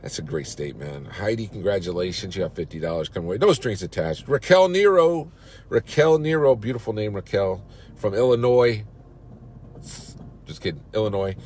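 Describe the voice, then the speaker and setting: A man's voice: sits low, animated, brisk, darkish tone, a little hiss or hum. A company CEO, a man, giving a fired-up, salesy pep talk on a live social-media broadcast, outdoors in a park.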